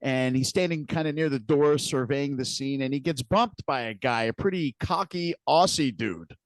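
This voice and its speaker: A man's voice: mid-range voice, normal speed, no echo. A man co-hosting a podcast, casually retelling scenes with frequent restarts and repeated words. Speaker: podcast co-host. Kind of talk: casual recap chat.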